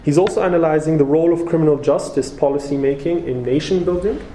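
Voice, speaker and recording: A man's voice: a little high, quick pace, warm tone, slight background noise. A man hosting an event and giving a formal introduction of a speaker, hesitating often with fillers. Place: lecture room. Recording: roomy hall with faint ambience.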